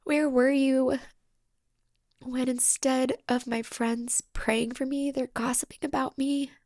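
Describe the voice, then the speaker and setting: A woman with a fairly high, gravelly voice talks slowly and confessionally on her solo podcast. Her delivery is raw and halting and sometimes sinks to a whisper. The sound is close and dry. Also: level tone, darkish tone, dry recording. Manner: emotional, halting, drops into whispers. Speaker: podcast host.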